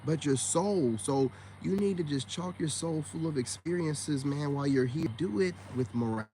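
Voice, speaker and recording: A man's voice: a little high, normal speed, warm tone, a little hiss or hum. Blunt, profane man ranting on a livestream. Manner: blunt and profane, addresses viewers directly; filler-heavy, repeats "man" and "you know what I'm saying". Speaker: online self-help streamer. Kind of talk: casual livestream rant.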